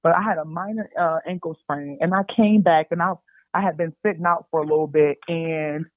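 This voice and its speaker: A young woman, a basketball player and podcast guest, telling stories in a chatty, animated way and calling her listeners y'all. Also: low-pitched, fairly quick, no echo. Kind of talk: casual storytelling. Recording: dry tinny phone-like sound.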